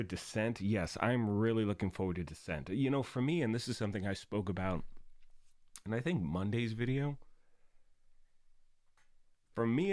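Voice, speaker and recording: A man hosting a gaming live stream in upbeat, casual chat, his voice raspy from the early morning. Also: lowish voice, darkish tone, no echo, studio quality. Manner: upbeat and chatty, greeting viewers.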